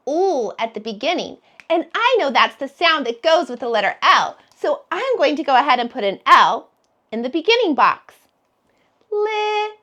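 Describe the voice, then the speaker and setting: A woman's voice: high voice, bright, forceful tone. Sing-song woman teaching phonics to little kids. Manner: slow, sing-song, sounding out letters. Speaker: preschool teacher. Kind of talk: phonics lesson for young children.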